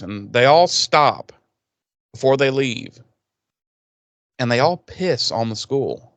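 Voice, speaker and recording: A man's voice: mid-range voice, expressive, takes it slowly, pauses often, clear, resonant tone, no room sound, lo-fi sound. A man co-hosting a podcast, recapping a TV episode in crude, joking casual chat and acting out the characters' lines. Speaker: podcast co-host.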